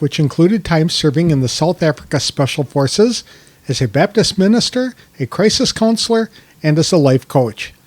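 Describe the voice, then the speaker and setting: A male podcast host with a fairly high voice reads his introduction, then speaks more softly as he puts friendly questions to his guest. The sound is dry, with no room echo. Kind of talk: scripted intro then interview chat. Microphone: video call.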